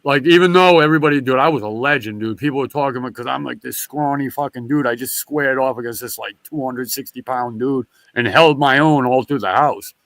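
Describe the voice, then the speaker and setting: A man tells a wandering story in a casual chat, swearing freely and stopping to restart his sentences. His voice sits at a medium pitch, and the recording is dry and close to the mic. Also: brisk, hardly any pauses, no echo. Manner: rambling, profane, animated storytelling; restarts and backtracks often.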